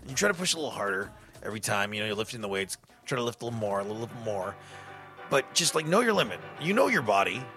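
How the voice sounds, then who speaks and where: A man's voice: lowish voice, big pitch swings, fast talker, pushed and bright, soft background music. A man hosting a radio show, chatting casually and rambling between songs with self-deprecating asides. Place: radio studio.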